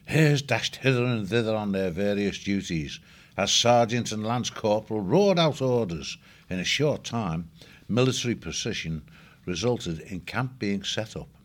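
A man narrating a storybook chapter in a steady, measured way. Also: fairly low pitch. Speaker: audiobook narrator. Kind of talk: scripted narration.

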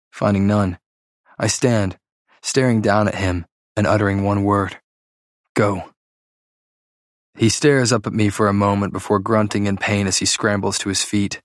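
A male narrator reads a first-person story with tense, dramatic storytelling. His voice sits on the low side, recorded dry and close with no room sound. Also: no room sound. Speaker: audiobook narrator.

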